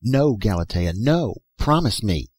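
A desperate young man in love pleads urgently, his voice lowish and a bit husky, as the reader acts him out. It is an audiobook scene, recorded dry and close. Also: very animated, unhurried, darkish tone, no room sound, full character voice.

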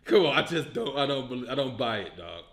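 A man from Illinois, a comedian hosting his own show, ranting about a movie in a loud, profane, incredulous way, breaking into laughs. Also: mid-range voice, sing-song, a little fast, reverberant. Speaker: comedian host. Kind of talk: animated comedic movie rant.

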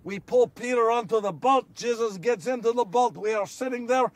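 A man's voice: very high voice, moderate pace, recorded from a distance. A man playing an earnest apostle who recalls miracles in a first-person monologue, telling the story and asking his listeners questions, recorded outdoors. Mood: fervent. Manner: storytelling, rhetorical questions to listeners, builds to shouts. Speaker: actor in a one-man biblical monologue. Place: outdoors on location.

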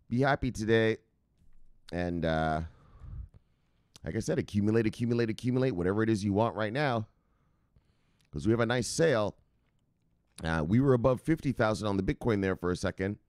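A man's voice: lowish voice, expressive, normal speed, long pauses, a little mellow, dry recording, studio quality. A man hosting a crypto news channel in casual solo commentary. He is brash and profane, keeps chuckling to himself, and asks viewers to agree with him. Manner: talks straight to viewers, asking for agreement.

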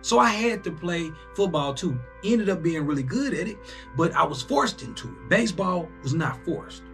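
A young man hosting a casual sports reaction video, animated and breaking into loud bursts as he talks to himself. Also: high-pitched, moderate pace, soft background music. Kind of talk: excited casual reaction commentary.

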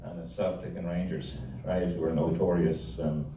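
A deep-voiced man rambles through jokes and anecdotes for a club audience. His voice is dark and sits low, picked up from far off in a very echoey meeting room with a faint background hum. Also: level tone, normal speed. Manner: rambling, joke-telling, self-interrupting. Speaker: guest speaker. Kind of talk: humorous talk to a club. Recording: echoey room, distant mic.

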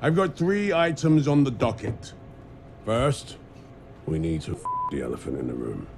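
An actor playing a stern, gruff buffalo police chief in an animated film, brusque and commanding. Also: male voice, medium pitch, normal speed, background noise.

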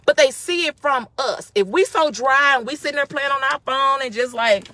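A woman hosting a casual devotional talk, speaking with excitement and emphatic repetition. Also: sits high, normal speed. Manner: excited, emphatic, with repeated phrases.

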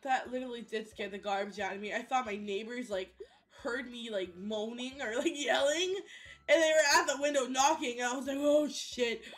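A young woman streaming a game, chatting loosely with her chat, swearing and breaking into loud outbursts and chanted sound effects. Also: on the high side, brisk. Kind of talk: casual gameplay commentary to chat. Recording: faint music behind the voice.

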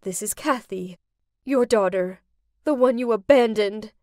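A woman's voice: mid-range voice, measured pace, darkish tone, no echo, clean studio sound, lightly acted. A woman voicing a desperate middle-aged mother in a story, pleading and faltering. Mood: accusing.

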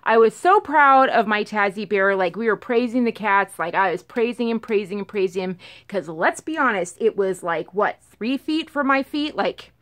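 A woman casually telling a storytime on her vlog, rambling and animated, acting out what everyone said. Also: medium pitch, moderate pace, hardly any pauses. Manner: rambling, animated retelling full of "like" and acted-out quotes. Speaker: vlogger telling a storytime about her cat.

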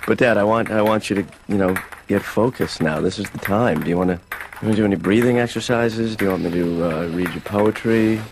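A man voicing a deadpan slacker son. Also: lowish voice, a little fast, background noise, lightly acted. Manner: deadpan, flat, sarcastic. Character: deadpan, idle adult son of the therapist. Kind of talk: dry animated sitcom dialogue.

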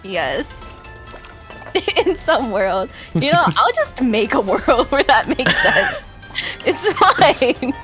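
A young woman chatting casually as a guest streamer while playing a game, excitable and quick to laugh and shriek. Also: high-pitched. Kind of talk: casual gameplay chat. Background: game music.

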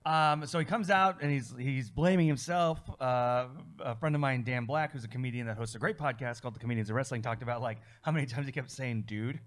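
A man co-hosting a casual chat show, animatedly recapping storylines with quick acted quotes. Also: medium pitch. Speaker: co-host.

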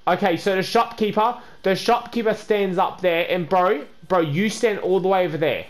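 A man hosting a gameplay video, stammering and repeating words, then scolding another player loudly. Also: high-pitched, moderate pace, a little hiss or hum. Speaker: gaming channel host. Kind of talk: casual gameplay chat.

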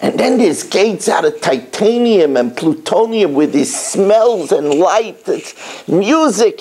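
A high, lively male voice that swoops up and down as a middle-aged rabbi preaches to schoolboys. He tells stories and repeats his points for emphasis. His words come slowly, with a gravelly edge. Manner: animated storytelling, emphatic repetition. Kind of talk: sermon to schoolboys.

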